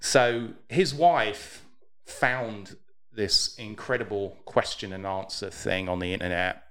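Deep-voiced English man, wry banter. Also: slow, a bit bright, smooth. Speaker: podcast co-host. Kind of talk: casual chat.

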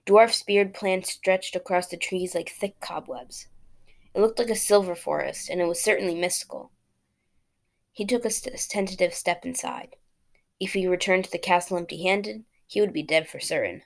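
A woman reading a fairy tale aloud as a storyteller, plain and steady, with small slips and restarts. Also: fairly low pitch, moderate pace, gravelly.

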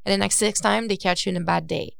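A young woman co-hosting a podcast in casual chat, telling animated stories and reading messages aloud. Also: medium pitch, quick pace, vocal fry, no room sound, studio quality. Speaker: podcast co-host.

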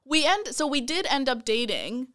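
A young woman telling a story in a casual, animated way, laughing often and acting out what people said. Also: high-pitched, moderate pace.

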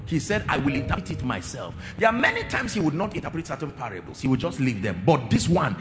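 Emphatic preacher in a reverberant hall. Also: male voice, a little high, sing-song, vocal fry, very noisy. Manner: emphatic, drawn-out repetitions, asks the congregation questions. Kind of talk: sermon. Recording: reverberant hall with faint music.

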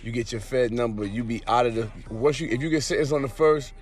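A man's voice: mid-range voice, brisk. A man hosting a casual interview, joking around in loose banter with lots of repeated words. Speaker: host.

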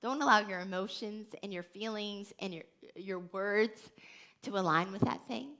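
A woman hosting a faith teaching podcast, telling stories in an earnest, animated way with many restarts. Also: medium pitch, moderate pace. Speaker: podcast host.

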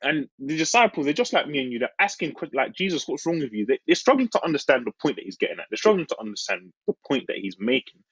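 A man delivers a sermon with a husky, slightly breathy tone and a lively, swinging pitch. He leans earnestly into his points, slowing down on key phrases. The recording is dry and a little dull. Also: no room sound. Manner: earnest, slows on key phrases, laughs and jumps high acting out the disciples. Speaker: preacher.

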